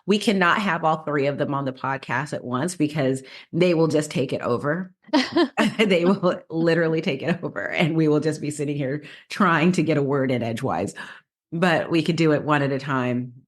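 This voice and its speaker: Chatty low-voiced woman podcaster. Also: moderate pace. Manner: chatty storyteller with frequent restarts and laughs. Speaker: podcast co-host. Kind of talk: casual podcast chat.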